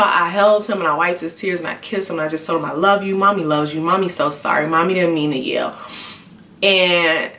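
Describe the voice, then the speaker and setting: A woman's voice: lowish voice, fairly bright tone. A young woman, a mother telling a candid personal story on her vlog in a conversational, confessional way. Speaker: mom vlogger. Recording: roomy, a bit far from the mic.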